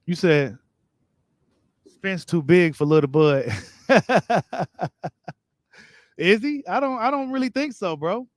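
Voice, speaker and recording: High-voiced man chatting on a boxing live stream. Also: lively intonation, slow, long pauses, no room sound, clean studio sound. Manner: casual, slangy, talks straight to viewers. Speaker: boxing channel host. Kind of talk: live-stream chat reading viewer comments.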